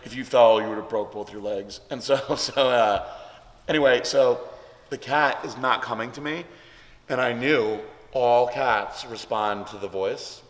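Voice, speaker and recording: Speaking a little slowly at a medium pitch, a male vlogger rambles through a casual story full of fillers like "um" and "like." His voice rings out in a reverberant, echoey room.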